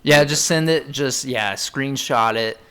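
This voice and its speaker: A man's voice: medium pitch, unhurried, a bit bright, clear, resonant tone. A young man co-hosting a casual podcast, talking in a loose, rambling way and swearing freely. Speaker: podcast co-host. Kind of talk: casual chat.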